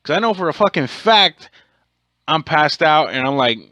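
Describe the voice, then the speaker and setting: A man's voice: fairly high pitch, animated, moderate pace, sharp tone, no echo. A man hosting his own podcast, telling a rambling, profane story in a casual way and correcting himself as he goes. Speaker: podcast host.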